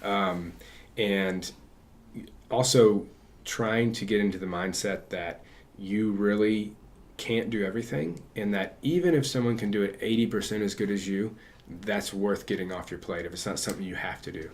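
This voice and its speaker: A man's voice: fairly low pitch, moderate pace. A man guesting on a casual podcast interview, talking in a rambling way with many restarts. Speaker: guest physical therapist. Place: in person with hosts.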